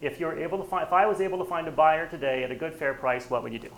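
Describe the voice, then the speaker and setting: In this low-quality recording, a man with a voice on the high side talks rapid-fire while leading a real estate workshop. His lecture is casual, and he frequently performs snippets of dialogue as if quoting someone.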